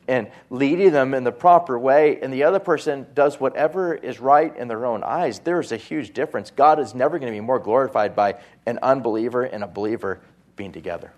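A pastor preaching a sermon in a conversational way, with asides and quoted voices. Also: male voice, medium pitch, a little mellow.

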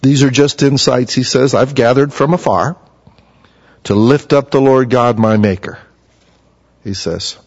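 A man delivers a sermon with earnest conviction, and his voice jumps higher whenever he speaks for someone he quotes. He is recorded in a reverberant hall that leaves a long echo, and the sound is slightly muffled. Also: a little slow, pauses often, a little mellow. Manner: earnest, rises in pitch to voice quoted figures. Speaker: preacher.

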